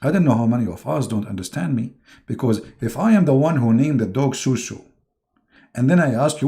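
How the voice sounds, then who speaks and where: A man hosting a livestream, giving mocking commentary in a halting way, with many fillers and sudden jumps into put-on voices. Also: mid-range voice, lively intonation, mellow. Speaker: online religious debater and host.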